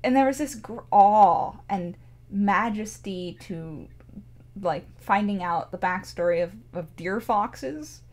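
A woman's voice: mid-range voice, lively intonation, slow pace, darkish tone. Chatty young woman with frequent restarts. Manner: rambling, gushing, many restarts. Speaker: show reviewer. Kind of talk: casual chat.

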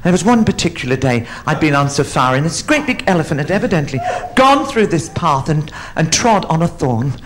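A man's voice: on the high side, big pitch swings, fairly quick, a bit bright. A man, a drag comedian telling a bawdy joke on a live stage in a rambling, stumbling way. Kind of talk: bawdy live stand-up storytelling.

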